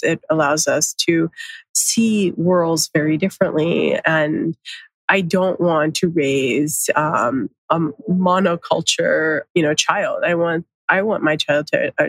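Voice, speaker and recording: Parent talking it through in an interview, husky voice, dry close sound, keeps saying you know. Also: medium pitch, fairly bright tone, no echo, low-quality recording. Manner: thoughtful, unhurried, sprinkled with "you know". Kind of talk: reflective interview answer.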